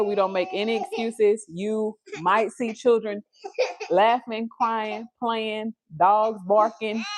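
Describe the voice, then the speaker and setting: A woman's voice: mid-range voice, darkish tone. A young woman hosting a casual home livestream, chatting to viewers and breaking off to coax and scold her toddler. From Houston, Texas. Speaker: livestream host. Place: busy family home with children.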